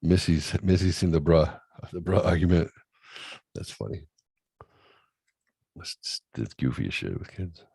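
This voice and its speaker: A middle-aged man hosting a crude, casual chat show, loud and laughing, often putting on high voices to mimic his kids. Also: animated, measured pace, vocal fry, pauses often, slightly rough, dry recording. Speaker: podcast host.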